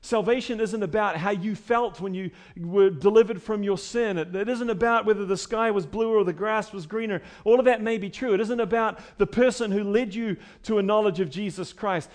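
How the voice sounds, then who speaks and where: High-voiced man preaching a sermon. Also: normal speed, hardly any pauses. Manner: emphatic preaching with wide swings in pitch and loudness. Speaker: pastor.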